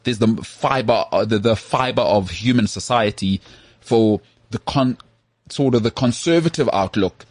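A man with a South African accent, hosting a casual podcast chat in an animated, rhetorical way and often asking if he is understood. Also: on the low side, normal speed, no echo. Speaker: podcast host.

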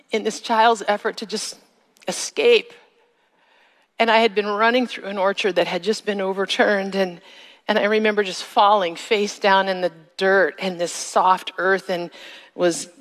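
A woman of middle pitch giving a personal testimony as a sermon. She slows down to stress key words and climbs high when she re-enacts moments. Her voice rings with the long reverb of a large hall. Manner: slow, emphatic phrasing, rising to a high cry in re-enacted moments.

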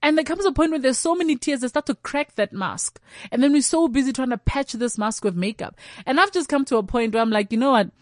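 A woman's voice: high voice, animated, fairly quick, no echo, clean studio sound. A woman comedian talking candidly and animatedly. She often slips into quoted voices and imagined dialogue, and restarts her sentences as she goes. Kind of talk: candid conversational chat.

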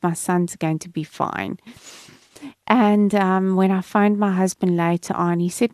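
A middle-aged woman giving a devotional talk, who slows down to read scripture aloud and shares a personal testimony. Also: mid-range voice, steady tone, a little mellow, no room sound, studio quality.

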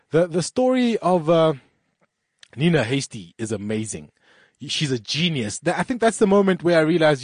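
A man's voice: medium pitch, a little mellow, no echo, clean studio sound. A male radio show host doing a rambling, joking promo. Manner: rambling, joking, laughs at himself. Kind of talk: promo talk.

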